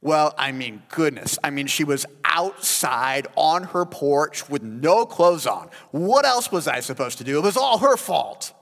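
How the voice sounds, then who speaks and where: A man voicing a defensive, arrogant king who shouts his excuses. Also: a little high, lively intonation, a little slow, gravelly, few pauses, voice pushed up, heavily acted. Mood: whining. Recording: long hall reverb.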